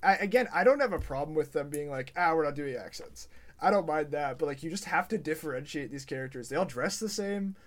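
A man's voice: a little high, expressive, fast, few pauses. A man co-hosting a film podcast, talking casually and bluntly, often laughing as he talks. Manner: laughs easily, blunt and a bit profane. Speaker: podcast co-host, film reviewer. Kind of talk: casual chat.

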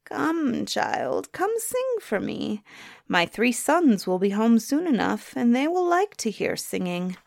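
A woman voicing a thin old hag who orders a girl about in a high, demanding voice. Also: very animated, slow, vocal fry, no echo, studio quality, full character voice.

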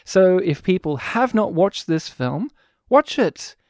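Man, young adult, high-pitched, dry close mic, jokey podcast chat. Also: takes it slowly, no echo. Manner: jokey, animated, puts on silly voices. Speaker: podcast co-host. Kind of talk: casual chat.

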